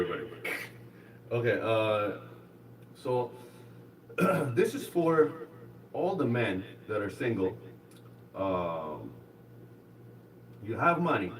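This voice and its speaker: A man doing a live stand-up comedy set on a club stage, rambling and halting, then rising to excited shouts in his stories. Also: medium pitch, distant mic, slight background noise, low-quality recording.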